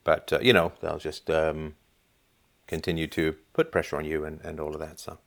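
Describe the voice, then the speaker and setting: A man with a very low voice talks through viewer questions on his livestream. He reasons out loud in a casual, argumentative way and checks in with quick tag questions as he makes each point. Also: level tone, gravelly. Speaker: livestream host answering viewer chat. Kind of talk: casual call-in style monologue. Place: home in Canada.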